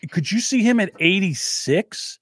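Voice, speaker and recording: A man's voice: high voice, expressive, measured pace, a bit bright, breathy edge, no echo, studio quality. A man co-hosting a podcast in casual political chat, blunt and joking, rambling with restarts. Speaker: podcast co-host.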